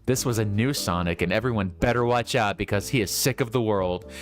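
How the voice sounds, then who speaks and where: A man reading fan fiction aloud in a deadpan, amused way. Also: lowish voice, fairly quick, soft background music. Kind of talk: comic public reading.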